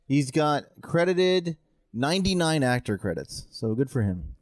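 A man's voice: a little high, big pitch swings, unhurried, no room sound. A man, an actor, casually telling a story in chat and laughing at himself now and then. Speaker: actor, podcast co-host.

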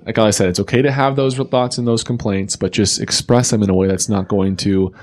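A man's voice: fairly low pitch, fairly even intonation. A man co-hosting a podcast, explaining relationship advice in a casual chat peppered with "like.". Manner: quick, explanatory, many "like" fillers. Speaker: podcast co-host.

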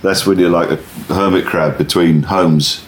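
A man with a very low voice tells a story about his stand-up gigs, chatty and full of restarts. The sound is roomy, with a faint hiss underneath. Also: normal speed. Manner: rambling, self-interrupting, animated anecdote teller. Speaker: stand-up comedian. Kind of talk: conversational interview storytelling.

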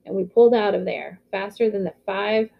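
A woman reading a novel aloud with steady storytelling. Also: mid-range voice, fairly quick, vocal fry, muffled recording. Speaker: audiobook reader.

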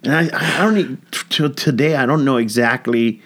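Casting: male comedian, mid-pitched, lively loose storyteller, lots of swearing and acted-out quotes. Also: a little fast. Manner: animated, swearing, acts out quoted voices. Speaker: comedian and guest. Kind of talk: casual storytelling chat.

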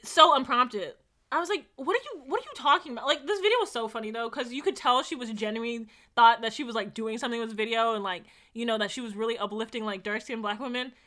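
Fast-talking bright young woman. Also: a little high. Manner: animated, slangy, acts out quoted reactions. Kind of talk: casual chat.

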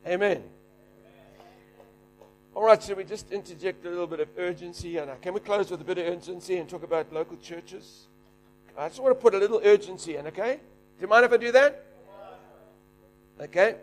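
A middle-aged man preaching, animated, shouting and laughing as he tells a story. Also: high-pitched, brisk, pauses often, slight background noise. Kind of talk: sermon storytelling.

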